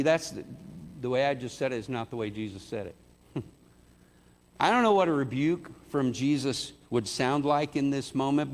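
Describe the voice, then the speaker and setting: A man preaching a sermon in a conversational way, acting out the quoted lines. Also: a little mellow. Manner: conversational, acts out quotes with rising pitch. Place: church sanctuary. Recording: church hall reverb.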